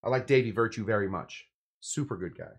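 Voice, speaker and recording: A man's voice: on the low side, a little fast, husky. A man from California hosting a casual cocktail-making video, talking in a rambling, jokey way with playful asides. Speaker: cocktail show host.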